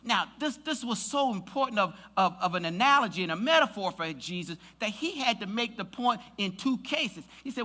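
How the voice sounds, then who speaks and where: A man preaching a lively sermon in a church, his voice high and strikingly bright. He swings through a wide melodic range, teasing the congregation and building to loud shouts. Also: normal speed, hardly any pauses. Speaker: pastor. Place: church sanctuary.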